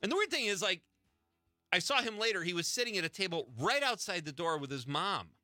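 Animated, bright-voiced radio host telling stories. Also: male voice, high-pitched, a little fast, dry recording, clean studio sound, faint music behind. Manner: animated, laughing anecdotes. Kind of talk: storytelling on talk radio.

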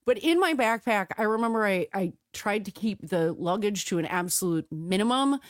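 A woman from the United States co-hosting a podcast in casual chat, animated and full of restarts. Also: medium pitch, normal speed, no room sound, clean studio sound. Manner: chatty, animated, with restarts and laughs. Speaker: podcast co-host.

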